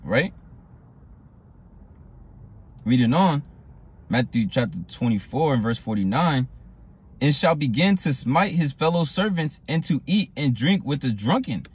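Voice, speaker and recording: A man preaching a sermon, repeating "right?" and "you know" often and reading scripture slowly. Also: mid-range voice, animated, breathy edge. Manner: slow drawn-out scripture reading.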